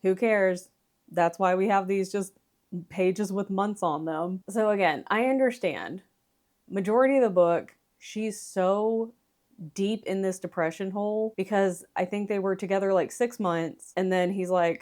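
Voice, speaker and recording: A woman's voice: medium pitch, a little slow, darkish tone. A woman in her thirties giving a casual book review on her vlog, chatty and rambling, correcting herself as she goes and swearing lightly. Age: 30s. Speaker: book vlogger.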